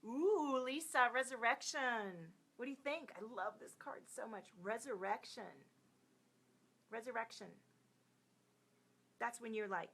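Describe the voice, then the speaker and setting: A woman in her thirties hosting a live stream of card readings. She chats warmly with viewers, sings out their names and drops into soft near-whispers. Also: on the high side, unhurried.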